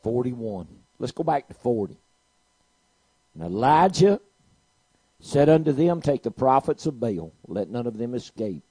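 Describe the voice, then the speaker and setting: A man preaching a sermon, telling a story and swinging from quiet to loud. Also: medium pitch, big pitch swings, unhurried, pauses often, slightly rough, dry recording, poor audio.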